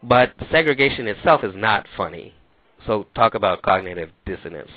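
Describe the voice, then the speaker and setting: A man's voice: fairly low pitch, animated, normal speed, no echo. A man being interviewed as an author, explaining his views in an articulate way. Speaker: author, guest. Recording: dry tinny phone line.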